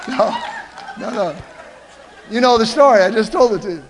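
An older man preaching a sermon, telling stories in an animated way and calling out to the congregation. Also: very high voice, normal speed, long pauses, big-room sound, crowd noise, noisy background. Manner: animated storytelling, calls out to the congregation. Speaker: pastor. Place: church.

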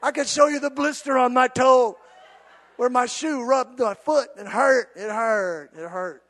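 A middle-aged man with an unusually high voice preaches a sermon to his church. He swings between fervent, shouted declarations and hushed, chatty stories. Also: fairly even intonation, unhurried. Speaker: pastor.

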